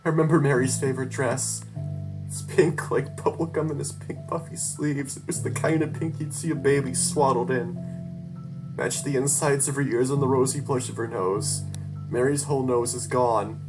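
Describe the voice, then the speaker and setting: A narrator telling a first-person horror tale with raw, tearful emotion that breaks into frantic outbursts. The voice sits at a middling pitch, and clear guitar music plays steadily behind it. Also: steady tone, moderate pace. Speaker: storyteller.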